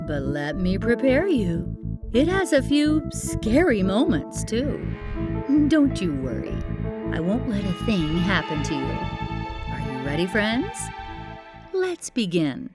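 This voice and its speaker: A woman tells a children's story in a gentle, theatrical, reassuring voice, slow and unhurried. Her pitch swoops very widely as she acts out surprise and comfort. Clear music plays beneath her. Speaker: storyteller host.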